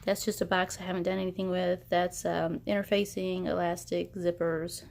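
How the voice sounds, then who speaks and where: A woman's voice: fairly low pitch, flat delivery, moderate pace, vocal fry, background noise. A woman in her thirties or forties, a sewing vlogger, giving a chatty, rambling tour of her small home sewing room while filming on her phone. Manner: chatty, rambling, self-deprecating. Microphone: phone held at arm's length.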